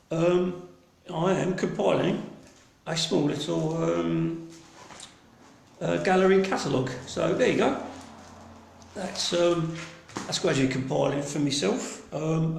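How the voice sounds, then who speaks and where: A man's voice: fairly high pitch, creaky, darkish tone, roomy sound. A man with a broad Cockney accent hosting an online gallery private view, chatting casually with lots of ums and restarts, cheerful swearing. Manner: rambling with many ums and restarts. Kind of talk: casual live-streamed gallery talk.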